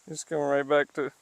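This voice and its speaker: A man vlogging on a walk, speaking casually and cooing at cats in a high baby voice between laughs. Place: outdoors in a small town street.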